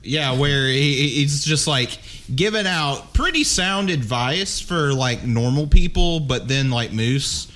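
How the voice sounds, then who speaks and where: A man co-hosting a podcast, making dry, halting remarks in casual chat. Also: a little high, lively intonation, a bit bright. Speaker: podcast co-host. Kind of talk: casual movie-review chat.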